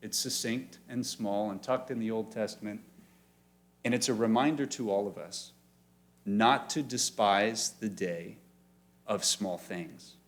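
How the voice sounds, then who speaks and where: In a church meeting room, a pastor with a voice on the low side introduces a community presentation to a church audience. He's friendly and joking, and he reads quotes slowly and with emphasis.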